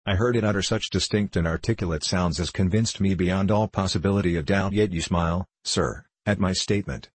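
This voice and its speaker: A man reads the part of a stern, pompous old minister who lectures in formal, indignant sentences. His deep, husky voice is dry and close with no echo, delivered briskly with hardly any pauses.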